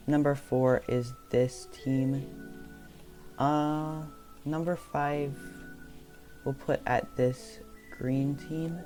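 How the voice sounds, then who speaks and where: A young man casually narrating over a map, loose and unscripted, with frequent ums and quick self-corrections. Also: mid-range voice, dark tone. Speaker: map video creator.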